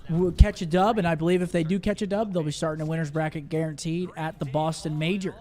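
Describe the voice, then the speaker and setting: A young man with a notably high voice hosts a casual stream. He is laid-back and swears offhandedly while he walks through the upcoming matches. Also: fairly even intonation, fast talker, dark tone. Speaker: watch party co-host. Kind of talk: casual stream chat and wrap-up.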